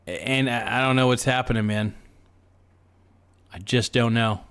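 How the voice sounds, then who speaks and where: A man's voice: mid-range voice, steady tone, unhurried, fairly bright tone, smooth. Laid-back rambling man streaming live. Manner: rambling, laid-back, joking, many fillers. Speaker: show host. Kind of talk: casual livestream chat.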